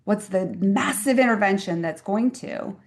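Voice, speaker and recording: A woman's voice: medium pitch, normal speed. A woman in her fifties, a physician guest on an interview podcast, telling stories in an earnest, reflective and emphatic way. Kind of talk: conversational interview storytelling.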